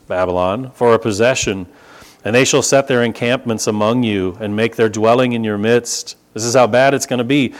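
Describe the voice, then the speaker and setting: A man's voice: mid-range voice, a little fast. A man from the United States preaching a conversational Bible sermon, explaining with casual asides and rising emphasis. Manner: conversational teaching with asides and humor. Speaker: pastor.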